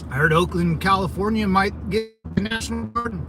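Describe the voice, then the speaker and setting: A man's voice: sits high, moderate pace, gravelly, music in the background, rough recording. A man livestreaming casually from his car, rambling loosely and greeting viewers by name. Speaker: vlogger streaming while driving.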